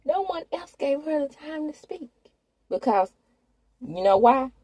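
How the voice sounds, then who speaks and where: Husky lady from dishing on a reality show, mellow dry sound. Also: sits high, very animated, unhurried, no echo, dull audio. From Mississippi, USA. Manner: chatty, gossipy, talks straight to viewers. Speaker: host. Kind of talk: casual reality-TV recap commentary.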